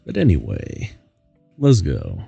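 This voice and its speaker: A man's voice: rumbling low, gravelly, warm tone, slightly rough, dry recording, highs cut off. A goofy, giggly man hosting a laid-back gaming stream and rambling to chat, a bit tired from poor sleep. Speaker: streamer host. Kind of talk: casual chat while gaming.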